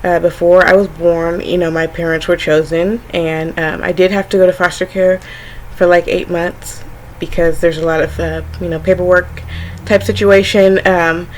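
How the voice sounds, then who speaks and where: Chatty woman with a lowish voice. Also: flat delivery, normal speed, a little hiss or hum, low-quality recording. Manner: rambling, filler-heavy, frank and chatty; acts out her younger self and family in quotes. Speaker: vlogger. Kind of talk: casual personal storytelling to camera.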